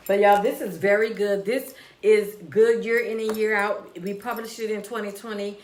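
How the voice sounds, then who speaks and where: A woman speaks to her live-stream viewers from her own cafe, encouraging and a little preachy, calling them y'all. Her voice rings in an echoey room with a faint background hum. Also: fairly low pitch. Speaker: livestream host and author. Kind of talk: motivational live stream talk. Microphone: phone or camera live stream.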